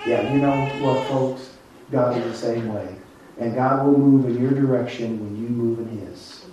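An older man preaching a sermon as a pastor, calling on the congregation and slowing down to stress his points. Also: mid-range voice, fairly even intonation, mellow, slight background noise. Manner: preaching, calls on the congregation, slows down for emphasis. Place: church. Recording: echoey church hall, mic far off, dull.

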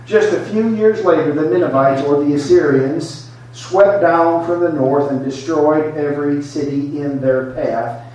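A man's voice: fairly high pitch, unhurried, a little mellow. A man preaching a sermon in a folksy, emphatic storytelling way. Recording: echoey hall, mic far off.

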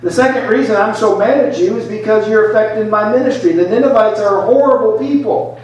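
A man's voice: on the high side, a little fast, darkish tone, natural voice. A man preaching, voicing a furious prophet who argues heatedly with God. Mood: indignant. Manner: heated, pleading, insistent. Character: angry indignant male prophet arguing with God. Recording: echoey hall, mic far off.

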